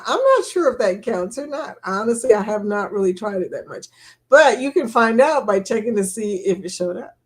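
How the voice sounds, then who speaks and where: A chatty woman hosts a relaxed live stream, talking straight to her viewers. She reads comments aloud and laughs easily between thoughts. Her voice sits at an ordinary middle pitch. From England. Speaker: livestream host. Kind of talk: casual live chat.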